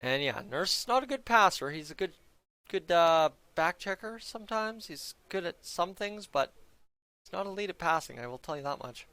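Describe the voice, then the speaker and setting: A man's voice: sits high, lively intonation, normal speed, pushed and bright, clear, resonant tone, no room sound. A young man giving a casual, joking play-by-play reaction to a hockey game for his viewers. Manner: chatty, joking asides to viewers.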